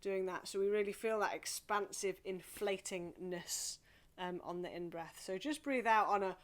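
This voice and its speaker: A woman leading a singing group through a gentle warm-up, coaching softly and encouragingly. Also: mid-range voice. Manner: soft, encouraging, slow coaching with playful vocal exercises.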